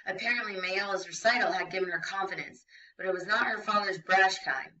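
A woman teacher reading a novel aloud to her class in a clear, steady narrating voice. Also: medium pitch, fairly quick, far from the mic, lo-fi sound.

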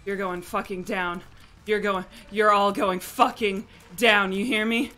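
A young woman streaming a game live, muttering and swearing to herself, then yelling in frustration. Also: medium pitch, fairly even intonation, measured pace, faint music behind.

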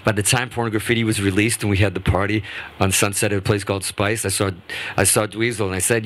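A man being interviewed as a guest musician on a radio show, telling animated, rambling stories full of restarts. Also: on the low side, fast talker. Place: radio studio.

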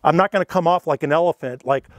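A man's voice: a little high, fast, heavy background noise. Easygoing man teaching elk calling. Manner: easygoing, conversational, folksy. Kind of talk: instructional demonstration.

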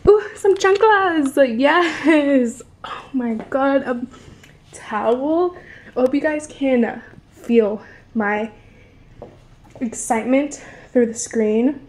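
A young woman vlogging with excitement, gushing over gifts with many exclamations. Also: sits high, very slow, pauses often. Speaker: beauty vlogger. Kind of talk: excited vlog unboxing.

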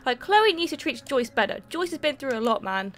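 A woman's voice: high voice, very animated, brisk, fairly bright tone. A young woman playing a video game and chatting as she goes, reacting and reading text aloud. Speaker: gaming YouTuber. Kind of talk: let's play commentary.

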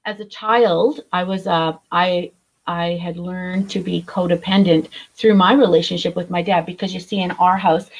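A middle-aged woman, a guest author in recovery, telling her story candidly, blunt and animated, swearing freely. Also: on the low side, poor audio.

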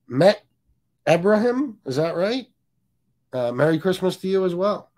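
A man's voice: sits high, big pitch swings, slow, darkish tone. A man hosting a casual livestream, joking, cursing, and reading viewer comments aloud. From US Northeast. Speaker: livestream host.

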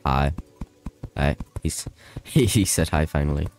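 A low-voiced man talking slowly and loosely as he streams a game live, reading chat aloud and chatting with viewers. He slides into panicked, laughing outbursts when things go wrong, and there is faint music behind him. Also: a little mellow.

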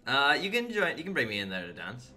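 A man's voice: medium pitch, huge pitch swings, fast, bright, forceful tone, faint music behind. Theatrical young man hosting a game. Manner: playful, theatrical mock-serious delivery. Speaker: game host. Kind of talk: casual game chat.

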